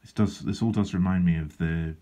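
A man with a low, deep voice talks casually about his drawing plans. His humour is dry and self-deprecating, and he wanders off on asides as he goes. He sounds like a comic artist vlogging from his desk. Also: fairly even intonation, fairly quick, warm tone. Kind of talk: casual drawing vlog chat. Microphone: handheld wobbling camera.

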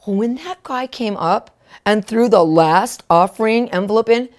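A woman preacher telling a testimony in an animated, emotional way, peppering her talk with "right?" and "like". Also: mid-range voice, moderate pace. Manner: fillers like "right?" and "like". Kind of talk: live-streamed testimony preaching.

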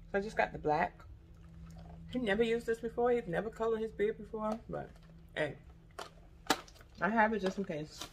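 This vlogger, a woman with a mid-range voice, chats through a snack-tasting haul, chewing as she talks at times. She's expressive and talkative, with frequent "y'all"s, and a little hiss or hum sits under the audio.

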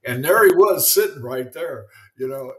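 Animated and fairly bright in tone, a man in his seventies who once pitched in baseball rambles through anecdotes in an interview. His voice is mid-range, his pace moderate, and "you know" comes up constantly.

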